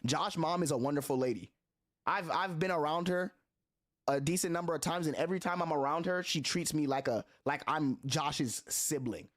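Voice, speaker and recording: A man's voice: a little high, moderate pace. A man streaming, telling a story to his chat in an earnest, blunt way with heavy slang and a lot of repetition.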